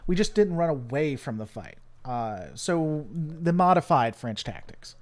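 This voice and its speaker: A man's voice: fairly high pitch, sing-song, unhurried. A man from the United States hosting his channel, rambling and joking with lots of fillers in casual live-stream commentary. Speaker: channel host.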